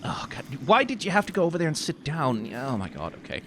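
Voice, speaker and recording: A man hosting a let's play, giving casual gameplay commentary with animated, joking asides. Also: fairly high pitch, fast, background noise.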